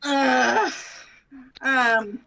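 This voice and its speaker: A woman's voice: high-pitched, very slow, dull audio, background noise. A woman playing in a tabletop game over voice chat, giggling and laughing often as she speaks. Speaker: player. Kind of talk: casual tabletop play.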